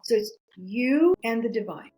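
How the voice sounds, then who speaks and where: A middle-aged woman, a podcast guest, telling a personal story in animated casual talk. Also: a little high, moderate pace, faint music behind, low-quality recording. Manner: animated, chatty, acts out quoted voices.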